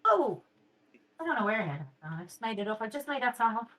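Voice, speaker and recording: A woman's voice: a little high, sing-song, quick pace, fairly bright tone. A woman taking her turn as a player in a tabletop game, joking and bantering playfully. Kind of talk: casual tabletop play.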